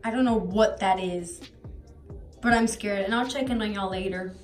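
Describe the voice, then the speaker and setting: A woman's voice: mid-range voice, normal speed, soft background music. A teenage girl talking casually to her phone camera, rambling with lots of fillers. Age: teens. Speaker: vlogger. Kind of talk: casual vlog chat.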